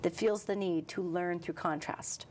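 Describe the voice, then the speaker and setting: Woman, interview guest, emphatic, animated, slows for calm points. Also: fairly low pitch, a little hiss or hum. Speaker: psychic medium guest. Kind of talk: interview conversation.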